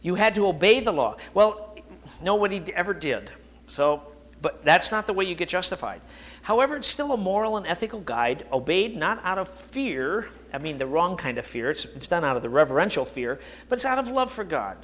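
A middle-aged man preaching a sermon as a pastor, animated, with self-deprecating asides. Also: sits high, a little fast.

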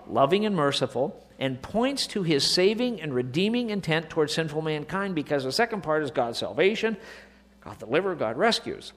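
A man preaching a sermon, moving from quiet asides to slow, emphatic declarations. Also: on the high side. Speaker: pastor. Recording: long reverb of a large hall.

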